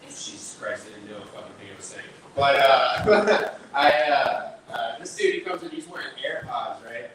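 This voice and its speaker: A man's voice: mid-range voice, animated, moderate pace. A young man doing a stand-up set in a small bar, telling loose, rambling stories with lots of swearing and restarts. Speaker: stand-up comedian. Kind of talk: stand-up set at an open mic. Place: small bar comedy room. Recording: echoey room, distant mic, noisy.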